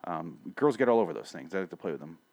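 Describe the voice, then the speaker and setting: A man's voice: low-pitched, big pitch swings, quick pace, darkish tone. A man hosting a casual TV review show, rambling and swearing, often stopping mid-sentence to restart. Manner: rambling, profane, self-interrupting. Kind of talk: casual solo review chat.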